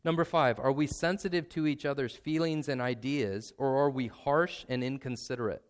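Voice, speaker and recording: A man's voice: mid-range voice, fairly even intonation, normal speed, smooth. A middle-aged man telling a story in an earnest, conversational sermon. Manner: earnest, conversational, with restarts and asides. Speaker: preacher.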